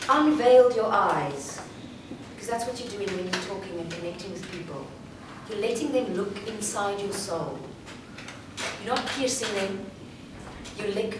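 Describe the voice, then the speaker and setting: A woman voice coach giving a live workshop talk to an audience in a large room, with a slow, deliberate, demonstrative delivery. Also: mid-range voice. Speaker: speaker and voice coach. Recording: echoey hall from far off with room noise.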